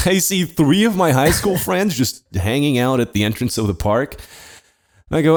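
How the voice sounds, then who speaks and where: A man's voice: a little high, moderate pace. A young man on a comedy podcast, casually telling a story, swearing often and laughing.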